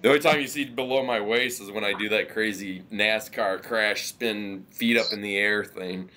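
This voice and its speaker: Young guy, lowish voice, playful co-host of a sports chat, breaks into loud announcer shouts. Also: fairly even intonation, normal speed. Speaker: co-host of a sports picks show.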